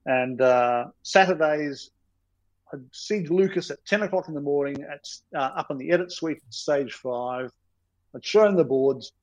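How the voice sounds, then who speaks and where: A man's voice: a little high, moderate pace, no room sound, muffled recording. A man, a guest on a podcast, telling a long rambling anecdote in a self-deprecating way. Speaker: podcast guest, storyboard artist.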